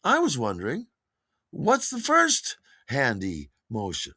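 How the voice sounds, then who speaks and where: A man's voice: medium pitch, huge pitch swings, slow, pushed and bright, slightly rough, no echo, studio quality, full character voice. A man quoting a chatty, curious woman gossiping in a queue, in an earnest, gossipy tone.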